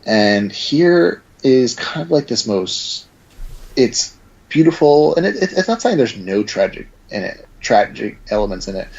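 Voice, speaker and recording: A man's voice: medium pitch, sing-song, unhurried, vocal fry, darkish tone, breathy edge. A man co-hosting a podcast, reflecting on a film in a thoughtful, hedging way. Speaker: podcast co-host. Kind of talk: casual film discussion. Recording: dull lo-fi sound.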